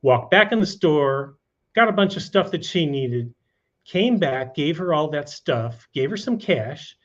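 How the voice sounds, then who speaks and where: A man with a slightly raised pitch tells a personal story as a guest, loose and conversational, dropping "you know" between thoughts. The sound is muffled and lo-fi. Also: lively intonation, unhurried. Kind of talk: casual storytelling. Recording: dull lo-fi sound.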